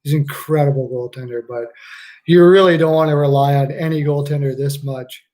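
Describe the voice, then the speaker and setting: A man's voice: a little high, fairly even intonation, a little fast, dark tone. A man hosting a live stream, reacting casually to a hockey game. He jokes, laughs a lot and swears freely.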